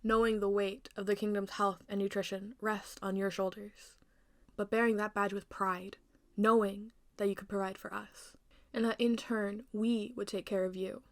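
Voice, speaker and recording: A woman voicing a soft-spoken, earnest young princess. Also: medium pitch, flat delivery, moderate pace, natural voice. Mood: earnest, persuasive. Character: gentle, brave young princess.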